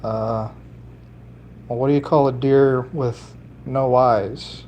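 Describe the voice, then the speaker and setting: A man's voice: medium pitch, fairly even intonation, takes it slowly, a little mellow, a little hiss or hum. Rambling jokey man livestreaming. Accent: slight put-on Italian lilt. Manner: rambling, jokey, talking to chat while working. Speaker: livestreamer building fishing lures. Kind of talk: casual solo livestream chat.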